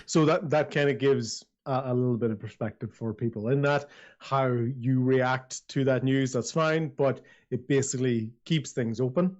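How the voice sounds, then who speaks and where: A man's voice: mid-range voice, steady tone, moderate pace, a little mellow. Chatty male game master, rambling narration, slightly muffled lo-fi audio. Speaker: dungeon master.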